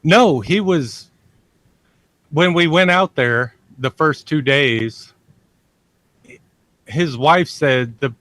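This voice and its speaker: A man's voice: fairly high pitch, drawn-out words, pauses often, fairly bright tone, dry recording. A man telling a long personal story as a podcast guest. He rambles, repeats himself and curses freely. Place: lives near a large army base in Texas.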